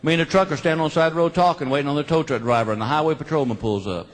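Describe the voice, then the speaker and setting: A man's voice: fairly high pitch, very fast. A middle-aged man telling folksy stories in a stand-up comedy routine, building each one to a punchline. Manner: folksy storytelling, punchline delivery. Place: live comedy stage with audience. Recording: live show with crowd laughter. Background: audience laughter.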